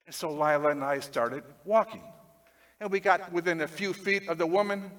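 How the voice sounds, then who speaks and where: A man preaching a sermon, telling a personal story with lively swings between excited, loud passages and hushed, tender ones. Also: high-pitched, moderate pace. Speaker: pastor.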